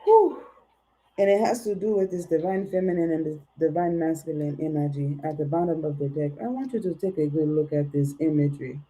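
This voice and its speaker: A woman's voice: sits low, a little fast, dark tone, slightly rough, poor audio. A woman putting on a put-on accent as a lofty, old-fashioned oracle during a livestream tarot reading, speaking in archaic, formal phrases.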